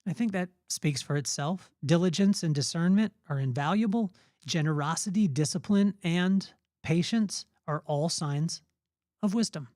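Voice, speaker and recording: A middle-aged podcast host gives an earnest, preachy motivational talk about faith, breaking into spontaneous storytelling. His voice is fairly high with a darkish tone at a moderate pace, recorded at studio quality with no room sound.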